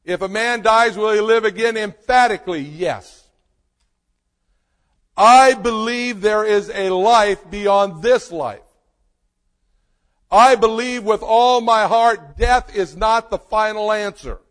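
A man preaching a sermon as a pastor, slow and emphatic, with dramatic pauses. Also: high voice, fairly bright tone. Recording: long reverb of a hall.

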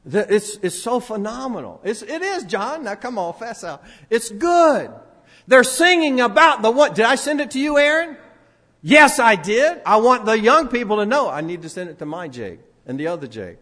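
Older guy preaching in a church, high voice, booming then soft, big hall echo. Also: very animated, moderate pace. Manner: swings between loud preaching and quiet asides; sings a few lines of a song. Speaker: pastor. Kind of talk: sermon. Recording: long hall reverb.

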